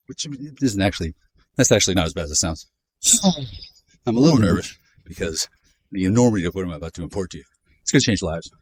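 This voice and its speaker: Low-voiced man in his fifties, sardonic profane vlogger on a walk, jumpy delivery. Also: no room sound. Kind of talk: rambling monologue while walking. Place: outdoors in a neighborhood.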